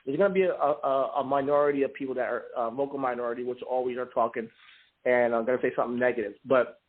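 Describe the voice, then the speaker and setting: Halting male caller on a phone line. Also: medium pitch, steady tone. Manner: halting, many restarts. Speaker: caller, fan club guest. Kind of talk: casual sports talk. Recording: tinny phone-line sound.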